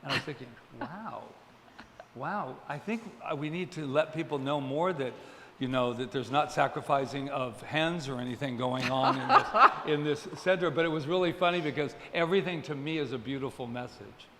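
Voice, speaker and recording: A man's voice: medium pitch, a little fast, background noise. A man who leads a spiritual center, making casual church announcements with a joking, self-deprecating manner. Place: church hall. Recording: echoey hall, faint ambience.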